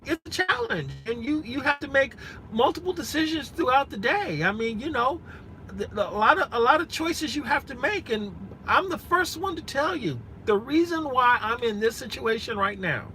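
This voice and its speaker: A man's voice: extremely high pitch, lively intonation, normal speed, pushed and bright, a little hiss or hum, low-quality recording. A man in his forties chatting frankly and earnestly with live-stream viewers from inside a rented SUV, repeating himself and restarting often. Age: 40s. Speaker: rideshare driver vlogger.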